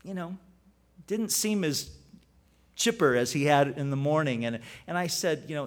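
Animated, high-voiced male pastor preaching. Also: normal speed. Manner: conversational, storytelling with animated emphasis. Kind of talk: sermon.

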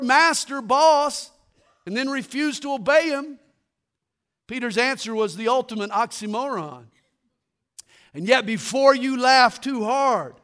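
A man preaching a sermon, telling stories with humor and dropping low and quiet for his punchlines. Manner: animated storytelling, drops to quiet for punchlines.

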